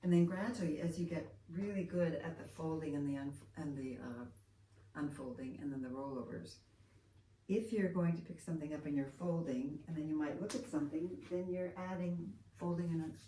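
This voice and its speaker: A woman teaching a hands-on movement lesson, talking in a gentle, soft-spoken, unhurried way. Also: deep voice. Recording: roomy, from far off, faint room noise.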